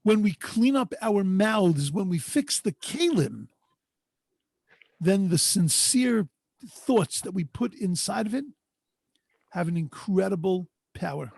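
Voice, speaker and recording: A man teaching a Torah class as a rabbi, his voice gravelly and a little husky, pitched somewhat high. He talks earnestly and stretches his phrases, dropping Hebrew and Yiddish words along the way. The sound is dry and close, as over a video call. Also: expressive, slow, a little mellow, no echo. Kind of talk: storytelling Torah lesson. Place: home online video call. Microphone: video call microphone.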